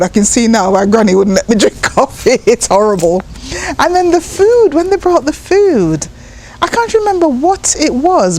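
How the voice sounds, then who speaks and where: A woman from Jamaica, a poet, telling personal stories in an interview with an animated manner, acting out voices and laughing often. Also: a little high. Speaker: guest, poet and writer.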